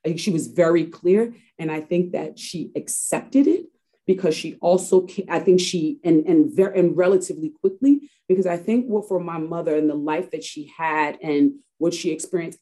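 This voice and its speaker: Brief: a woman from Harlem with a lowish, mellow voice, telling a personal story as an interview guest. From Harlem, New York. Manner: reflective, with frequent restarts and fillers.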